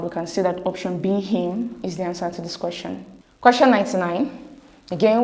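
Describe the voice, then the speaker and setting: A woman's voice: medium pitch, a little mellow. Woman, exam tutor, methodical, step-by-step explanations.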